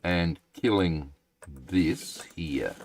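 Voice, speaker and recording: A man streaming a game live, thinking aloud in a halting, rambling way and chatting to his viewers. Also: low-pitched, slight background noise.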